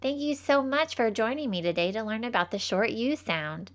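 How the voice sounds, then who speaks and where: A young woman voicing a cheerful, folksy teacher character, leading a scripted phonics lesson for children slowly and patiently. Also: a little high, animated, natural voice. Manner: slow, patient, encouraging.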